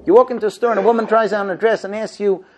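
A man giving a marriage talk as a rabbi, animated and full of rhetorical questions. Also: sits high, rapid-fire, a little hiss or hum. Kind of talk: lively lecture to men.

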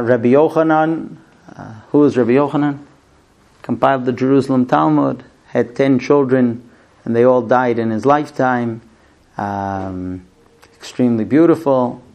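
A man teaching a Torah lesson, telling the story with lively, dramatic delivery. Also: mid-range voice. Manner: animated, dramatic storytelling with fillers.

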